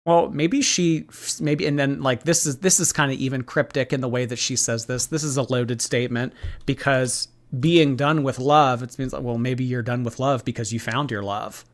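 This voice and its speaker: A man hosting a livestream, reading viewer messages aloud and gossiping in a chatty, animated way with lots of fillers. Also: medium pitch, normal speed. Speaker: livestream commentary host.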